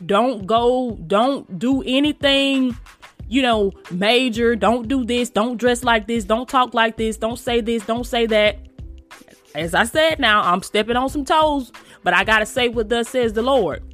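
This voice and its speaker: Emphatic woman preaching, high voice. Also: measured pace, fairly bright tone, soft background music. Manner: emphatic, repetitive, addresses listeners as "you guys"; colloquial, drops into "ain't" and "okay?". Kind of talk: informal online sermon.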